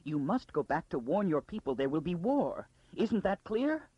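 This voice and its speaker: A man voicing a frightened, frantic noblewoman who pleads urgently, with a gravelly, husky edge. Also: a little high, big pitch swings, moderate pace, dry recording, lo-fi sound, pitched above the performer's own voice. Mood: frantic urging.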